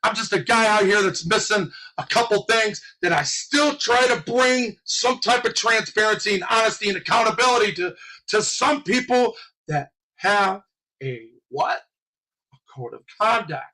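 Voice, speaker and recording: Fired-up, bright-voiced man ranting. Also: high voice, rough recording. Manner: fiery, preachy, swears often. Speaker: activist vlogger. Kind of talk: impassioned monologue.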